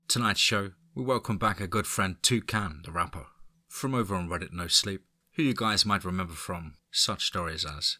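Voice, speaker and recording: Deep-voiced Cockney podcast host. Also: male voice, moderate pace, pushed and bright, dry recording. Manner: friendly, promotional, asks for likes and shares. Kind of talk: podcast intro.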